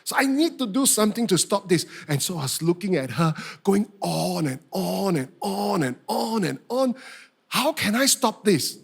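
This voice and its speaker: A middle-aged man, preaching a sermon and telling a personal story with animated, acted-out outbursts. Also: high voice, moderate pace, gravelly, few pauses, slightly rough. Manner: animated storytelling, acting out his own outbursts. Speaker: pastor.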